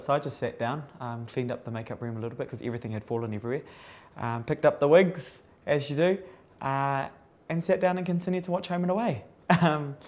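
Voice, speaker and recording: A man's voice: medium pitch, a little mellow. Chatty New Zealand man, amused. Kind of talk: documentary interview recollection.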